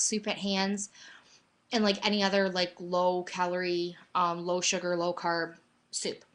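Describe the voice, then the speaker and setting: A woman's voice: lowish voice, a bit bright. A young adult woman giving a candid, rambling personal update in a casual webcam vlog at home. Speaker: vlogger. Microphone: webcam mic.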